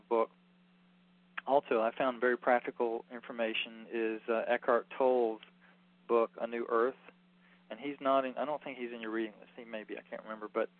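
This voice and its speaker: A man giving a rambling, earnest informal lecture as a healing workshop teacher, full of fillers. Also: on the low side. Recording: tinny phone-like recording.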